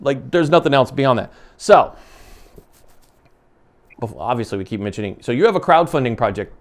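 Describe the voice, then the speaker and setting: A show host in his forties from the United States runs a conversational interview with passion and emphasis, often beginning sentences again. He speaks at a moderate pace, his medium-pitched voice carrying lively intonation.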